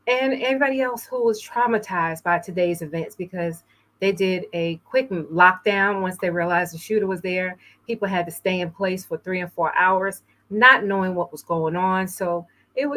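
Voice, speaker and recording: A woman from New York hosting an inspirational talk show, speaking earnestly and a little emotionally, with frequent pauses. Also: mid-range voice, fairly bright tone. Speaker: host.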